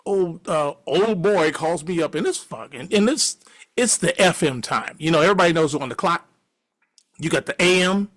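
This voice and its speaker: A middle-aged man spins a story in a loose, casual way, with a voice that sits a little above the usual male range. He laughs often and curses freely. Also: fairly high pitch. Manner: animated, laughing often, profane.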